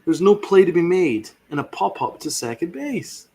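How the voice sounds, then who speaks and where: A man's voice: sits high, big pitch swings, normal speed, mellow, husky. Fiery sarcastic man ranting about sports. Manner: fiery, sarcastic, swears a lot. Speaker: podcast host. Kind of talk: ranting sports podcast commentary.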